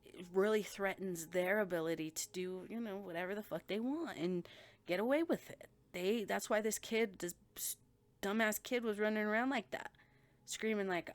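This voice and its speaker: A woman's voice: medium pitch, normal speed. A woman giving a blunt, profane intuitive reading, talking emphatically as she reads the energy of the people involved. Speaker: spiritual reader.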